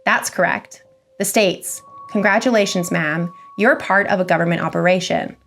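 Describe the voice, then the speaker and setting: A woman doing a gruff, drawling male government agent. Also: lowish voice, fairly bright tone, soft background music. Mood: stern. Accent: American Western drawl. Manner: slow, blunt and commanding.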